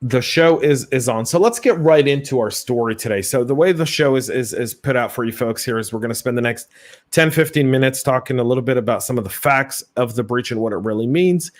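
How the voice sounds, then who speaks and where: A man's voice: mid-range voice, brisk. Man, Southern US accent, podcast co-host, casual live chat, stammered restarts.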